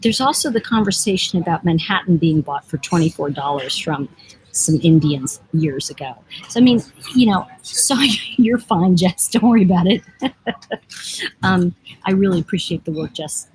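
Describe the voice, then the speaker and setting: An American woman who hosts livestreams and authored an oracle deck broadcasts casually from an airport lounge, rambling, digressing, and teasing as she reads viewer comments. Her lowish, slightly mellow voice moves at a moderate pace, and the rough recording carries a little hiss or hum.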